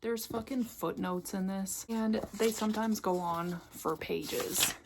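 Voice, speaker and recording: A woman's voice: mid-range voice, takes it slowly, a little hiss or hum. A young woman giving a casual, candid tour of her bookshelves, swearing freely as she talks. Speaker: book vlogger. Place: home room by her bookshelves. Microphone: camera on tripod.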